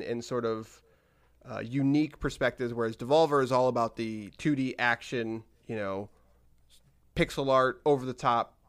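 Male podcast host, mid pitch, rambling casual delivery full of restarts. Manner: rambling, with frequent restarts and trailing-off asides.

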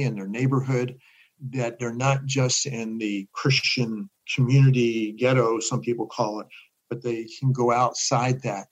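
Older male guest, mid-range voice, chatty animated storyteller. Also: mid-range voice, rough recording. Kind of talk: casual interview talk.

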